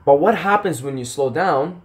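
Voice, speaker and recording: A man's voice: a little high, expressive, moderate pace. A young man talking casually to camera in a passionate, rambling rant full of swearing and tangents. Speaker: vlogger.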